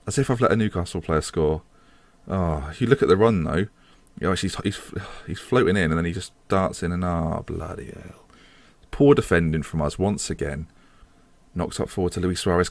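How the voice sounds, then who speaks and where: A man's voice: deep voice, dry recording. A man giving casual commentary on his football management game, chatty and self-mocking, swearing when things go wrong. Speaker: gaming video host.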